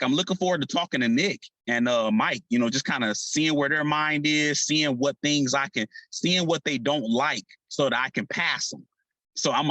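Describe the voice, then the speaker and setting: Man on a team call, fired up and casual, laughs between lines; bright, forceful tone, dry recording. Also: medium pitch, no echo, poor audio.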